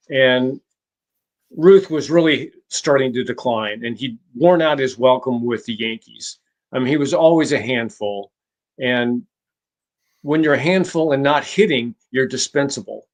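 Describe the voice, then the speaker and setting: A guest author with a middle-pitched voice tells stories in a conversational interview at a measured pace. He often halts and restarts his phrases.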